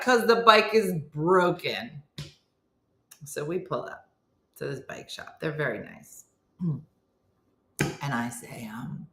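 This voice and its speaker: A woman's voice: deep voice, expressive, slow, long pauses, sharp tone, reverberant. A woman telling a comic story about her morning, acting out both sides of a quarrel and laughing through it. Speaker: comedian and morning show host.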